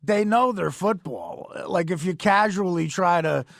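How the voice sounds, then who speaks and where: A male comedian co-hosting late-night radio, rambling through stories and laughing between lines. His voice sits high with a gravelly edge, recorded close and dry. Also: a little slow, no echo. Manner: rambling storyteller, laughs often.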